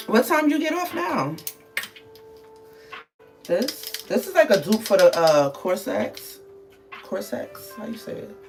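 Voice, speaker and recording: A woman's voice: sits low, a little mellow. A woman from the Bronx, chatting casually on a livestream and answering viewers' comments, loose with fillers. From the Bronx, New York. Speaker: livestream host.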